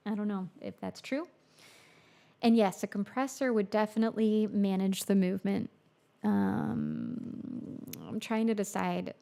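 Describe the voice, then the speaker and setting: Woman, music producer on a livestream, chatty, thinking aloud, gravelly, mellow. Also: medium pitch. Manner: chatty, thinks aloud, reads viewer comments. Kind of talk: casual livestream chat while producing. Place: home music studio.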